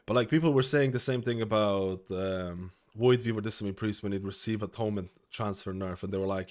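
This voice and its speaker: A man's voice: on the low side, a little fast, few pauses, a little mellow. Breathless, rambling male streamer. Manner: rambling, uses lots of fillers like "like" and "you know". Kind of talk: casual live-stream commentary.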